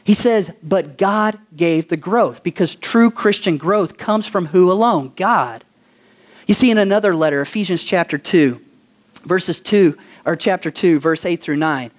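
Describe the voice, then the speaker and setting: High-voiced man preaching a sermon. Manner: asks the congregation questions for call-and-response; animated storytelling. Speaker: pastor.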